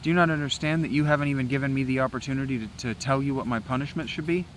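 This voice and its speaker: A man's voice: mid-range voice, rapid-fire, slight background noise, poor audio. A man outdoors in the woods, giving a rambling spoken meditation in an agitated, preachy way and swearing often. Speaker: vlogger.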